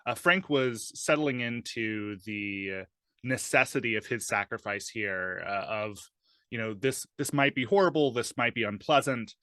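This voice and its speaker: A man's voice: mid-range voice, moderate pace, pushed and bright, dry recording, clean studio sound. A man playing a tabletop game, describing his character's actions thoughtfully, with many fillers. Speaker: player.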